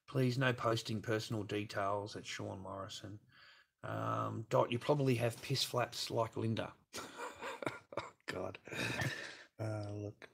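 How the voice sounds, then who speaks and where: A man's voice: lowish voice, unhurried, vocal fry, long pauses, slightly rough. A man hosting a livestream and reading viewer chat, talking in a profane, rambling, blunt way. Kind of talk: casual livestream rant.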